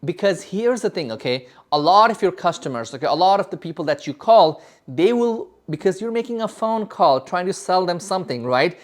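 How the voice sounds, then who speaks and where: A man's voice: high voice, animated, brisk, few pauses. A man giving a sales lesson, talking emphatically and ending many sentences with "okay?" and "right?", often restarting words. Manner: repeats and restarts words while explaining. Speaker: sales coach. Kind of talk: instructional talk to camera.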